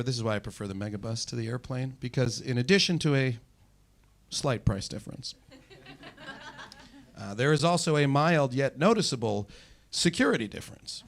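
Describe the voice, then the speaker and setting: A man's voice: mid-range voice, vocal fry, fairly bright tone, a little hiss or hum. A young man doing a stand-up comedy set on a club stage, rambling and self-deprecating with lots of fillers.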